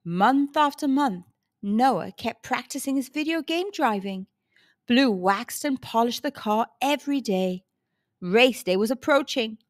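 Children's storyteller, woman, high and expressive, unhurried. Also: no echo, clean studio sound. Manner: animated, expressive. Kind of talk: children's read-aloud.

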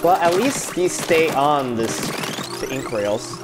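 A woman's voice: sits low, lively intonation, slow. A woman streamer chatting casually and swearing freely as she plays a game and reads its text aloud. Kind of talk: casual chat while gaming. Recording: game music and gunfire behind.

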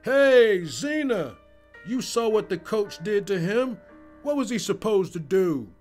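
A man's voice: high voice, expressive, slow pace, darkish tone, soft background music, voice pushed up. A man voicing a defensive father protesting on his son's behalf. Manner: protesting, pleading.

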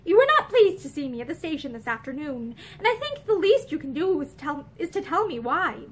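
A woman reading the lines of a young man who questions quietly and persistently. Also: high voice, very animated, brisk, a little hiss or hum. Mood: determined. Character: earnest young Englishman, persistent and probing.

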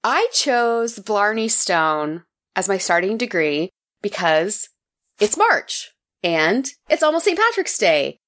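A woman's voice: medium pitch, sing-song, takes it slowly, a bit bright. A woman co-hosting a podcast, casually summarizing articles in a playful way and laughing often. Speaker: podcast co-host.

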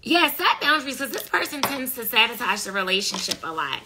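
A woman's voice: a little high, very animated, fairly quick, noisy background. A woman doing a casual tarot reading, talking bluntly in profane slang and scolding her listeners. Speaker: tarot reader.

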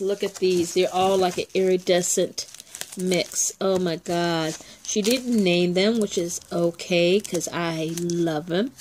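A woman's voice: medium pitch, darkish tone, a little hiss or hum. A woman unboxing nail art mail for her viewers, chatty and heartfelt, with a grandchild, calling her audience ladies and getting teary. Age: older. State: tearful. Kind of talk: casual unboxing vlog.

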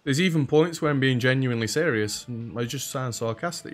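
Speaking at medium pitch and slightly fast, this man barely pauses while faint music runs behind him. His English accent drops H's and T's as he offers casual let's play commentary. The tone is dry, sarcastic and talkative.

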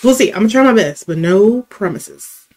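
A woman's voice: mid-range voice, animated, normal speed, a little mellow, husky. A woman giving let's-play commentary on a game, jittery and casual, using slang and keeps saying how scared she is. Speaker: gaming video creator.

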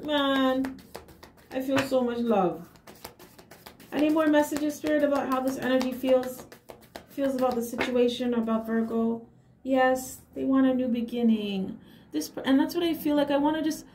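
Woman tarot reader, slightly high voice, casual and emphatic with affirming hums; echoey room, light hiss. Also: normal speed, a little mellow. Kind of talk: casual tarot reading to camera.

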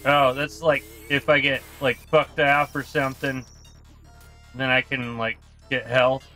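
A man streaming himself playing a game live, swearing and yelling angrily at the game between muttered asides to chat. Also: mid-range voice, level tone, unhurried, soft background music. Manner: profane, ranting, yelling at the game. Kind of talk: live gameplay stream commentary.

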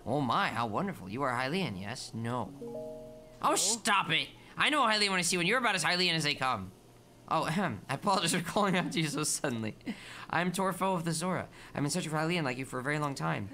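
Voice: mid-range voice, expressive, fast, pushed and bright. A streamer voicing an earnest young male fish-folk messenger in a video game, polite and eager, over game music.

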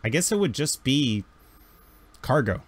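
A man's voice: mid-range voice, big pitch swings, slightly rough. Joking man running a tabletop game. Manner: joking, slips into quick character voices. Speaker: game master.

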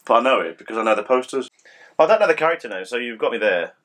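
A man co-hosting a casual guessing game, animated and laughing, with mock outrage. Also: medium pitch, very fast. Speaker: co-host.

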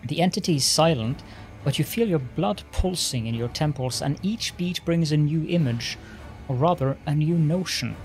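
A man reading a fantasy game's narration aloud in a steady storytelling manner. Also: a little high, moderate pace, soft background music. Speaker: let's play narrator. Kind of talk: reading game text aloud.

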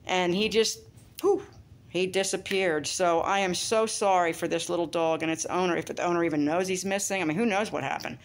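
A woman telling a story in a casual vlog, chatty and animated, breaking into squeaky voices for other people. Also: fairly quick. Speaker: vlogger. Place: outdoors after a walk.

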